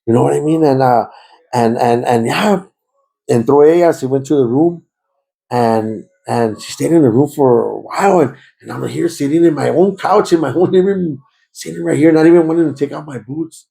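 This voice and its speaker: Recorded in low quality, a man recounts his life story as an interviewee in a conversational testimony. His voice runs on the high side with vocal fry and a dark tone at a moderate pace, and he's emotional and repetitive, drifting into Spanish.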